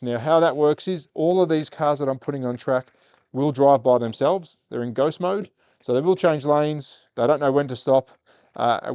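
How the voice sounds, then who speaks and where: Aussie guy livestreaming slot car racing, chatty with chat, smooth voice, dry sound. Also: medium pitch, no echo. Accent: Australian. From Australia. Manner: casual, talks to chat, turns excited calling the race. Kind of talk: live stream chat and race commentary.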